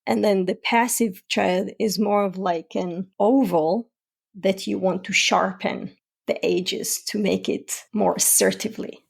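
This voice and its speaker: A woman hosting a solo parenting podcast as a parent coach, explaining calmly with everyday examples. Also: mid-range voice, a little slow, creaky, slightly rough. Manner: calm, explanatory, gives examples.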